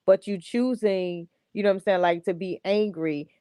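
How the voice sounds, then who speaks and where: A woman's voice: mid-range voice, fairly even intonation, moderate pace, mellow, clear, resonant tone. A woman in casual conversation who talks in long, rambling explanations. She fills her speech with repeated fillers as she circles her point. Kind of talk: casual chat.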